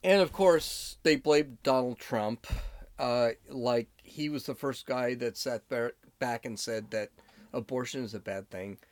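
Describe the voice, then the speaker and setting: A man's voice: medium pitch, measured pace, no room sound. A man giving political opinion commentary on clips he plays, indignant and sarcastic. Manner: indignant and sarcastic, mocking voices.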